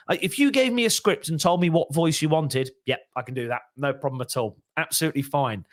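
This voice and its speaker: A man's voice: a little high, a little fast, few pauses, dry recording, studio quality. A man, a comedian and impressionist, chatting as a podcast guest, rambling with frequent restarts and self-deprecating remarks. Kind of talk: casual podcast interview.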